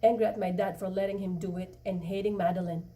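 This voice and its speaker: A woman reads a novel chapter aloud in a mellow, soft-edged voice. She stumbles now and then and restarts lines. Her voice sits a little back from the microphone. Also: mid-range voice, steady tone, distant mic. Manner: halting, with restarts and slips. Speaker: reader.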